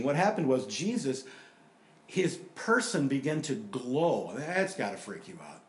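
Older male preacher, echoey hall. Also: on the high side. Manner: storytelling, animated with sudden loud emphasis. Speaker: pastor. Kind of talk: sermon.

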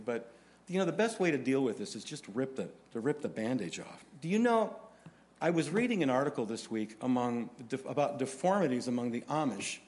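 A man preaching a sermon in a conversational, storytelling way, with animated delivery. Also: mid-range voice. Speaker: pastor.

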